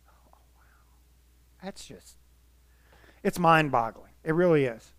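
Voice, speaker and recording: Male pastor, emotional sermon delivery, loud and soft by turns, slows to stress words; smooth, dry. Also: a little high, lively intonation, no room sound. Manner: emotional, earnest, swells and drops in volume.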